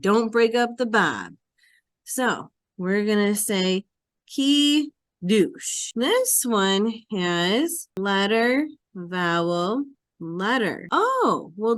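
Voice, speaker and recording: A woman teacher walks through a reading lesson in a patient, repeating classroom way. She speaks slowly at an ordinary pitch. The recording is dry, with no room around her. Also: no echo. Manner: patient, repetitive classroom explaining. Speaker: Hebrew teacher. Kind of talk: explaining a reading lesson step by step.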